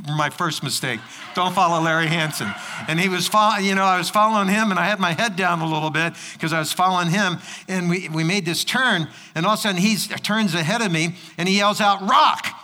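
Pastor, male, high bright voice, preaching a sermon with lively storytelling, reverb of a church hall. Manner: storytelling, acting out voices in anecdotes.

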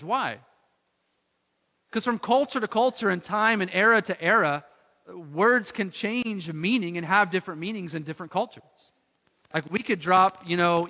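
High-voiced guy giving a sermon, bright tone, asks the room lots of questions. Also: in a large hall. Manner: conversational, lots of "like" and rhetorical questions. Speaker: pastor.

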